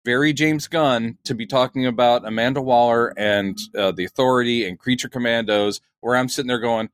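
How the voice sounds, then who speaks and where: A man co-hosting a podcast, chatting casually and musing out loud with quick asides. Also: mid-range voice, smooth, dry recording, studio quality. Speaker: podcast co-host.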